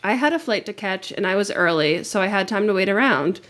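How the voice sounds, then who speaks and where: A woman's voice: mid-range voice, animated, a little fast, a bit bright. A young woman co-hosting a casual podcast, chatting candidly, swearing freely and reading stories aloud. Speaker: podcast co-host.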